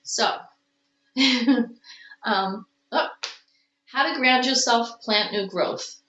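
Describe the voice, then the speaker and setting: A woman's voice: on the high side, extremely slow, sharp tone, a little hiss or hum. A woman giving a casual tarot reading at home, with stretches where she coos baby talk to her cat. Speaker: tarot reader. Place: home room. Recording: roomy, distant, dull home recording.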